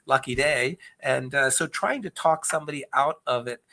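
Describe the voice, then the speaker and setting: A man from a government agency answers questions about investor fraud in a conversational Q&A presentation, earnest and explanatory, often restarting sentences. His mid-range voice is expressive, brisk, creaky, and bright, with a forceful tone.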